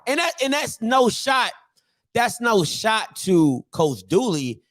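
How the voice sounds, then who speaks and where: A man hosting a sports commentary show, talking in a joking, animated way and repeating phrases for emphasis. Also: high-pitched, slow pace, noisy background. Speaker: show host.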